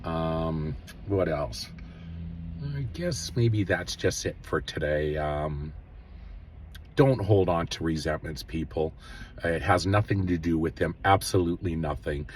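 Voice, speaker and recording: Low, husky-voiced man giving gentle life advice. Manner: earnest, gently preaching, with many pauses and fillers. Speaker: host. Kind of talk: casual spiritual self-help talk.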